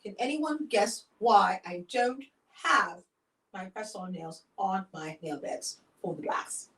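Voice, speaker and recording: A woman's voice: medium pitch, takes it slowly, a bit bright. Wry woman storyteller, roomy and distant. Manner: dramatic, wry, repeats a catchphrase. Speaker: host. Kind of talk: casual storytelling chat.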